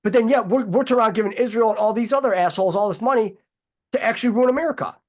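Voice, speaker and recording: A man's voice: high-pitched, racing. A man hosting a casual talk show, talking in long, heated, rambling runs and swearing freely. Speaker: host.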